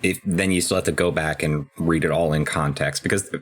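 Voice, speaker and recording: Low-voiced man chatting about a game. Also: a little fast, husky. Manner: relaxed, chatty, recapping scenes. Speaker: podcast co-host. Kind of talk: casual game discussion.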